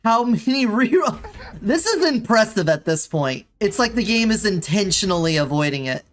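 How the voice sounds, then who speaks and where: A woman's voice: mid-range voice, sing-song, moderate pace. A woman streaming a video game, chatting casually with viewers and pleading in exasperation with the game. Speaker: VTuber streamer. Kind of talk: casual gameplay streaming chat.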